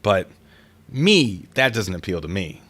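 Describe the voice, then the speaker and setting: A male streamer with a lively, bouncing pitch reads reader stories aloud and riffs on them in a chatty, wry manner. His voice sounds bright and forward. He thanks viewers for donations as he goes. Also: measured pace, a little hiss or hum. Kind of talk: casual live-stream commentary.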